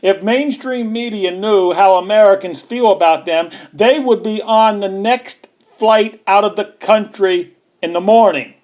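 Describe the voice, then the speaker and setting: A man's voice: sits high, measured pace, few pauses, darkish tone. A man giving a scornful, emphatic political rant over news footage, repeating his points for weight. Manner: scornful, mocking. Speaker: online political commentator.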